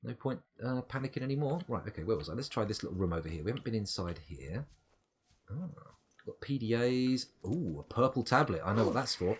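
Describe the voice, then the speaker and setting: A middle-aged British gaming streamer gives chatty, playful live commentary, talking both to the creatures in his game and to himself. His mid-range voice is slightly rough, brisk and lively in intonation.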